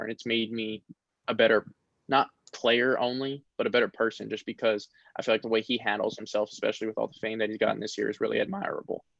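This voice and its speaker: A young man, a college football player, talking casually in an interview, relaxed and rambling with many fillers. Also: lowish voice, creaky, no room sound. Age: young adult. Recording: dull lo-fi sound.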